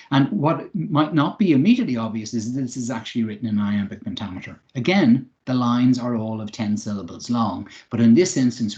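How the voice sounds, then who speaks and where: A man giving an online English lesson, explaining clearly with occasional fillers. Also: fairly low pitch, a little mellow, highs cut off. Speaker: English teacher.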